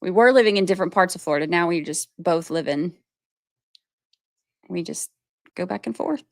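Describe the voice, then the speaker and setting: A woman's voice: fairly low pitch, moderate pace, gravelly, no room sound, studio quality. A woman from Georgia, chatting casually on her livestream and laughing often as she talks to her viewers. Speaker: livestream host.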